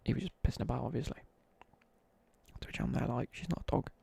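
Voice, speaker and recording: Young guy streaming, gravelly and dark-toned, rambling story between game asides, dry close mic. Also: medium pitch, quick pace, no room sound. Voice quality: gravelly, husky. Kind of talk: casual chat while gaming.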